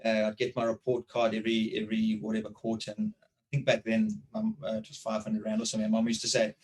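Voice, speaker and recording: A South African man in his forties interviewing over a video call, telling anecdotes in a lively way and often repeating words. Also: medium pitch, fairly quick, low-quality recording. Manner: animated storytelling, repeats words. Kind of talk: conversational interview.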